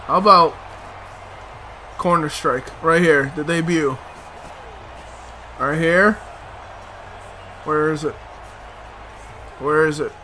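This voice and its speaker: High, bright-voiced man grumbling over gameplay. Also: fairly even intonation, takes it slowly, pauses often, slight background noise. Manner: mutters to himself, swears in frustration, sudden outbursts. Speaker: let's play host. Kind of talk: gameplay commentary.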